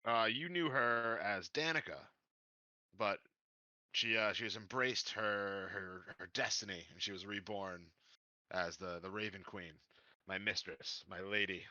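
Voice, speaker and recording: A man's voice: lowish voice, a little slow, sharp tone, dry recording. A man playing a tabletop role-playing game, voicing his own character in a somewhat formal manner. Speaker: player. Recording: dull lo-fi mic sound.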